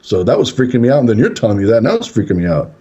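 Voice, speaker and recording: Very animated and very fast, this man speaks at a medium pitch with a dark, husky tone. He's a paranormal investigator guesting on a radio show, rambling casually through a story and performing the quotes, all over a dull, lo-fi call.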